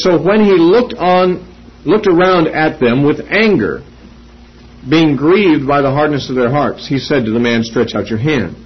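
A man with a somewhat raised, husky voice works carefully through scripture in an expository teaching, asking and answering his own questions. The recording is dull and lo-fi. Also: on the high side. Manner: measured, reasoning aloud with quoted scripture. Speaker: Bible teacher.

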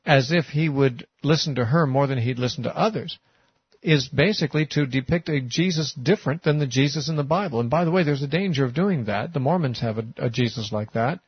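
A man's voice: medium pitch, brisk, breathy edge, no echo. A man giving a sermon-style Bible teaching, talking conversationally with frequent "uh" and "you know". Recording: muffled, lo-fi recording.

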